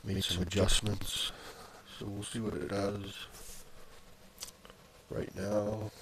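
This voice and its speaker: A man's voice: fairly low pitch, level tone, slow, a little hiss or hum. A man casually narrating his own screen recording into a desk microphone, rambling with fillers and restarts. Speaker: video blogger. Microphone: plugged-in desk microphone.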